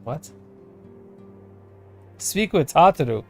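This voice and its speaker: A young man live-streaming a game, his voice sitting a little high. He talks bluntly and with open exasperation, cursing at the game and chatting with viewers. Soft game music plays faintly behind him. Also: animated, moderate pace. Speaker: VTuber streamer.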